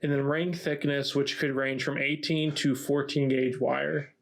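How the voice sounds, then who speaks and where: A man's voice: medium pitch, little pitch movement, unhurried, gravelly, poor audio. A man co-hosting a podcast, reading research notes aloud in a casual chat and breaking into laughter. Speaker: podcast co-host presenting research.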